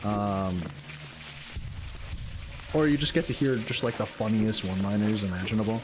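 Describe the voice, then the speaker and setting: A gaming streamer with a lowish voice chats casually at normal speed while he plays, rambling with lots of fillers and breaking into laughter. There's background noise, with other people in the house.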